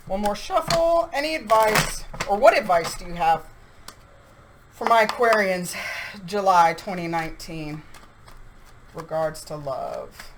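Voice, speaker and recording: A woman's voice: mid-range voice, measured pace, long pauses, a little hiss or hum, rough recording. Chatty woman giving a tarot reading. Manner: chatty, animated, talks straight to viewers with acted asides. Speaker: tarot reader. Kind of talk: casual tarot reading to camera.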